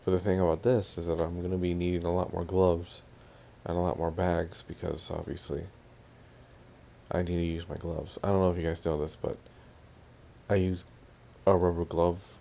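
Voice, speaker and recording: Gravelly low-voiced man ranting. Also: flat delivery, normal speed, dark tone, slight background noise. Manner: annoyed, ranting, mimics family in quotes. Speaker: vlogger. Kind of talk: audio vlog rant.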